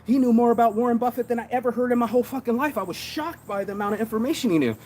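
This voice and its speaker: A man's voice: very high-pitched, racing, a little mellow, a little hiss or hum. A man giving a casual motivational monologue about business, slangy and swearing often, hyping himself up. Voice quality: slangy street talk, says bro a lot. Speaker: entrepreneur and shirt designer.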